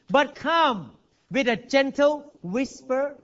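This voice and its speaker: A male pastor preaching a sermon in non-native English, emphatic and swinging between loud and hushed, recorded in a church hall on a dull lo-fi recording. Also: very high voice, lively intonation, a little slow.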